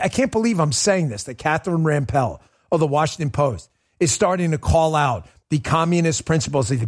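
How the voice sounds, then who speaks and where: Emphatic, sarcastic male political host. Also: on the high side. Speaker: political talk show host. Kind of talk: livestreamed political commentary.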